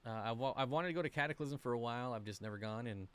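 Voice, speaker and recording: A man's voice: mid-range voice, rapid-fire, clear, resonant tone. A man hosting a casual livestream about aquarium fish, reading viewer comments aloud in a chatty, rambling, self-deprecating way. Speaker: aquarium channel host.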